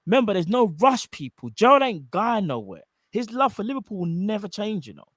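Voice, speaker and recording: Animated, emphatic man. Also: high voice, a little fast, dry recording, clean studio sound. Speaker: co-host of a fan show. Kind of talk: casual live-stream chat. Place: home studio.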